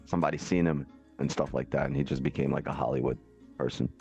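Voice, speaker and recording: A man's voice: rumbling low, steady tone, fast talker, creaky, darkish tone, husky, faint music behind. A man hosting a livestream, chatting casually and laid-back, acting out quotes and swearing freely. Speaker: livestream host, trader. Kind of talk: casual group chat. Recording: muffled stream audio.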